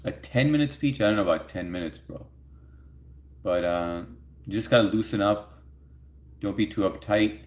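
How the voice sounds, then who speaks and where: A livestream host with a fairly low voice chats casually with viewers at a moderate pace, pausing often. He laughs a lot and reads their comments aloud, all in an echoey room.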